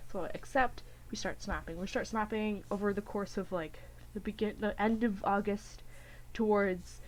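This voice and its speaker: A woman's voice: medium pitch, normal speed. A young woman co-hosting a podcast, telling a rambling, giggly story in casual chat and acting out what people said. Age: young adult. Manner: rambling, giggly, acts out quotes with voices. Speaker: podcast co-host.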